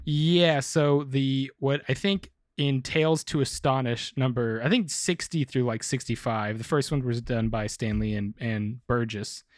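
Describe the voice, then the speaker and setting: A man's voice: medium pitch, fairly even intonation, unhurried, few pauses, no echo, studio quality. A man co-hosting a podcast, chatting casually and rambling, with some swearing. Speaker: podcast co-host. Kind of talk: casual chat about comics.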